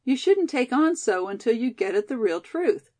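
A lively, prankish young college girl, as a woman reads her out, teasing her friend. She has a cold, with a raised, playful voice, in a storybook reading. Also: a little high, moderate pace, pitched above the performer's own voice.

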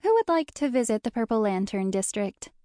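A woman voicing a prim young female tour guide, speaking in a bright, sugary manner. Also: sing-song, a little fast, no room sound, clean studio sound. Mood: brisk. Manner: bright, sugary, higher-pitched.

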